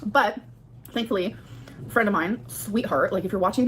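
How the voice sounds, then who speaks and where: A woman's voice: medium pitch, normal speed, a bit bright, slight background noise. A young woman vlogging to her viewers, chatty and rambling, filling her speech with "like" while she does her makeup. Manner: chatty, rambling, heavy use of "like". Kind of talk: casual vlog talking to viewers.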